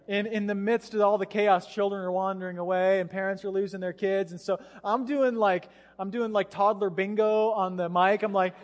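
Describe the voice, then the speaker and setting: A male pastor preaching a sermon, telling a story in an animated way and acting out what people said. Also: high-pitched, normal speed. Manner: animated storytelling with acted-out quotes. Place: church sanctuary. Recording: long hall reverb in a church.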